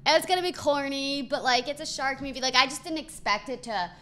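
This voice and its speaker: A woman's voice: sits high, brisk, fairly bright tone, slight background noise. A woman from Pennsylvania co-hosting a podcast, chatting casually in an upbeat way with frequent fillers. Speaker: podcast co-host. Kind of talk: casual chat.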